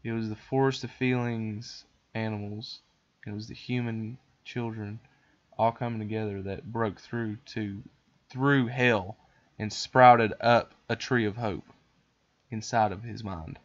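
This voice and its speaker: A man's voice: fairly low pitch, measured pace. Rambling man on a dull podcast mic. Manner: rambling, animated, with fillers. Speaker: podcast host. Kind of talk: casual retelling of a cartoon.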